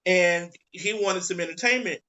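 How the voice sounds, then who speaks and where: High, bright man on dull lo-fi audio. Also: normal speed. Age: 40s. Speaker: co-host and drag performer. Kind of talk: casual chat. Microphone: video call.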